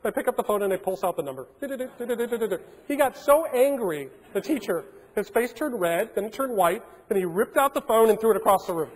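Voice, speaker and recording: A man with a high voice tells stories from a conference stage, animated and prone to stumbling restarts. His words ring out with a long reverb tail through a large hall. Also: fast, few pauses, a little hiss or hum. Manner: animated, acts out phone calls in changed voices, frequent restarts. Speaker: keynote speaker. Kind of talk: storytelling keynote talk.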